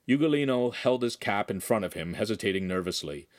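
A man narrating a young adult novel in an expressive storytelling manner. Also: lowish voice, a little fast, few pauses. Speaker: audiobook narrator. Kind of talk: scripted narration.

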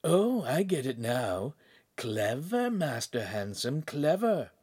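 A man voicing an anxious, exasperated servant in whispered role-play, far higher than his own voice. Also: big pitch swings, takes it slowly, darkish tone, breathy edge, heavily acted.

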